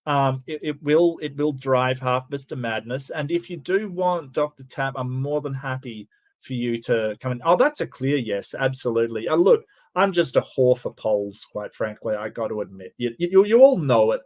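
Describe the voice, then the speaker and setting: A man's voice: mid-range voice, animated, normal speed, a little mellow. A man hosting a debate review, talking in casual, sarcastic commentary with laughing asides.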